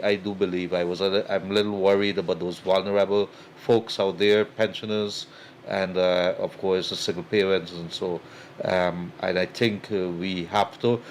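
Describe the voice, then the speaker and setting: Male host, very low voice, chatty and filler-heavy; faint background hiss. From Guyana. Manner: chatty, many fillers, thanks guests warmly. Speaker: talk show host. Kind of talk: talk show host wrap-up.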